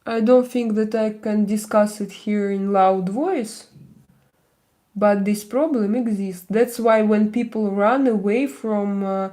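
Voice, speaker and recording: A woman's voice: mid-range voice, takes it slowly, dark tone. A woman hosting a casual livestream, chatting with viewers in a loose, rambling way with many fillers. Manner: chatty, many fillers and restarts, switches into mock-Spanish bits. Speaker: livestream host. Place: home, doing makeup on stream.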